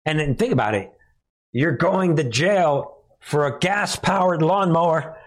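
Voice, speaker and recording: A man's voice: on the high side, measured pace. A man hosting a casual political commentary show, sarcastic and laughing often as he reacts to headlines. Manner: sarcastic, laughs often, mocking put-on voices.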